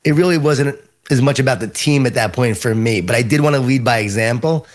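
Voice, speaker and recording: A middle-aged man with a Long Island New York accent, a guest author giving lively storytelling answers in an interview. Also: medium pitch, a little fast.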